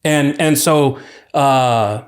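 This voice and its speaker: Young man telling his story, relaxed. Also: medium pitch, very slow, clear, resonant tone. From California, USA. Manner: relaxed, rambling, many "like" and "you know" fillers. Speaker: podcast guest, university student. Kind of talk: casual storytelling interview.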